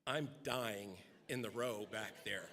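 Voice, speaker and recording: A man's voice: takes it slowly, sharp tone. A middle-aged man giving a eulogy at a memorial service, telling personal anecdotes and acting out quotes, speaking at a podium microphone in a large church sanctuary. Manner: storytelling, acting out quotes with rising pitch. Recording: long church hall reverb.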